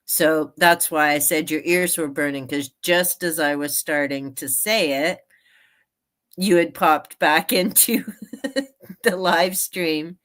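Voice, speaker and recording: A woman talks through her reading plans on a live stream in a loose, wandering way and laughs a lot. Her voice sits a little low. She takes her time over every phrase. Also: slow pace, a bit bright. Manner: chatty and meandering, laughs often. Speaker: book channel host. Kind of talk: casual live-stream chat.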